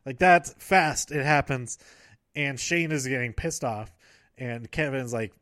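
A man's voice: medium pitch, a little slow, a bit bright, no echo, clean studio sound. Rambling man recapping a show. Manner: rambling, self-correcting, laughs often. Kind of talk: casual wrestling show recap.

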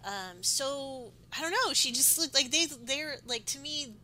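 A woman co-hosting a podcast, chatting casually with animated reactions and quick agreeing interjections. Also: high-pitched, low-quality recording. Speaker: podcast co-host. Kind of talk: casual recap chat.

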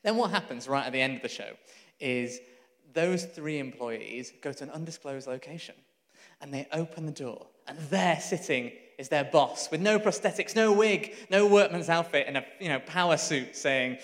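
A man preaching a sermon, telling a story in a lively, conversational way with laughs and asides. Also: fairly high pitch, moderate pace, big-room sound.

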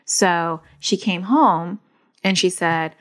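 Chatty woman with a lowish voice. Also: takes it slowly, fairly bright tone. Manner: chatty, many "like" fillers, earnest. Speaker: therapist and parent. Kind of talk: casual advice monologue.

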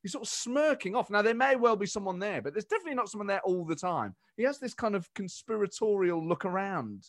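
A man from the of England, a comedian chatting as a guest, animated and quick to restart his sentences. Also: sits high, dry recording, clean studio sound. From Nottingham, England. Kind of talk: casual interview chat.

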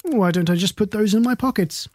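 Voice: mid-range voice, fairly quick, a little mellow, no echo, pitched above the performer's own voice, close to an everyday voice. A fussy, courteous old star-keeper, voiced by a storyteller, portly and easily flustered. He talks politely and reaches for fancy words. The sound is close and dry.

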